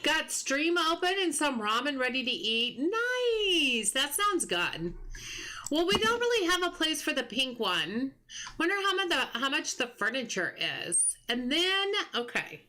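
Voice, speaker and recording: A woman's voice: high voice, bright, forceful tone, a little hiss or hum. A woman streaming a game live, chatting casually, musing aloud as she plays and greeting viewers from chat.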